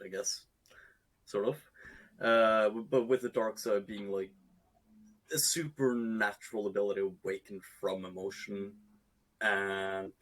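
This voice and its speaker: A man with a fairly low voice joins a casual group chat as a guest. He hedges and circles his points at length. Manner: hedging, rambling with fillers.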